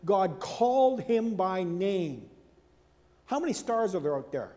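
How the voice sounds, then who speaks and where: The sermon comes slowly from a male preacher whose mellow, high-set voice rises and falls dramatically as he acts out quoted figures, changing loudness and pitch with animation. He breaks off now and then for relaxed asides and rhetorical questions, his words ringing with a large hall's long reverb.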